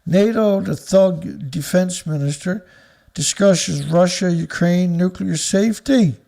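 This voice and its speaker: A man's voice: high voice, slow, gravelly, dark tone. A man hosting an angry, profane commentary show, reading out headlines and then ranting about them with insults. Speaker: news commentary host.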